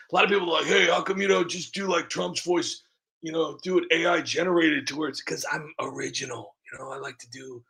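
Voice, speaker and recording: A man hosting a casual livestream, rambling to viewers, reading their comments aloud and slipping into quick voice impressions. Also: mid-range voice, gravelly, sharp tone, slightly rough. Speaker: livestream host.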